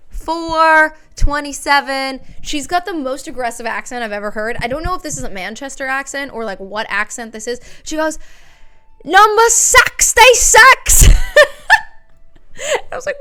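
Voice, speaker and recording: A woman streamer with a high, bright voice talks casually into her mic, rambling through a story. She corrects herself often and keeps her delivery animated, with faint music behind her. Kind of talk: casual livestream chat.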